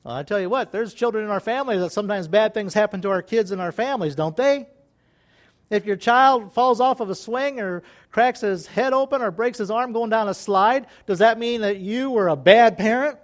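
A middle-aged man preaching an informal sermon in a folksy, animated way, often laughing and acting out voices. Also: high voice, normal speed.

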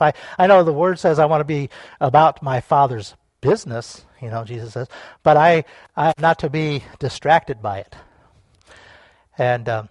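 A man preaching a sermon, swinging between hushed reflection and loud, laughing outbursts. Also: fairly high pitch, no echo. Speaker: pastor.

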